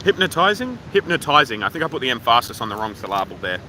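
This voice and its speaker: A man's voice: fairly low pitch, lively intonation, rapid-fire, background noise. An Australian man livestreaming outdoors from his phone, rambling casually and swearing freely while reading viewer comments. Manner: rambling, profane, offhand. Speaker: livestream host. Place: outdoors at a waterfall park.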